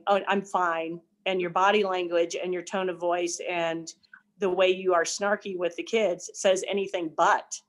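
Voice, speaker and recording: Casting note: older woman, low-ish voice, earnest counselor explaining calmly. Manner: earnest, explanatory, some restarts. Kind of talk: casual discussion.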